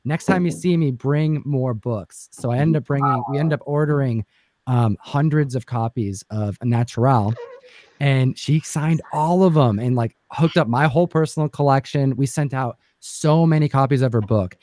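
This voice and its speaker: A man's voice: mid-range voice, normal speed, darkish tone. A man hosting a casual comic book livestream chat, telling a long story with many fillers and restarts. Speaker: comic book channel host.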